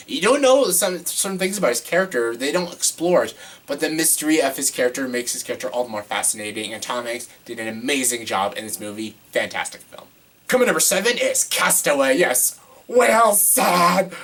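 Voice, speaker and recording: A man's voice: mid-range voice, a bit bright. A man giving casual, enthusiastic commentary on a movie countdown, chatty and sometimes swearing. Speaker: movie reviewer.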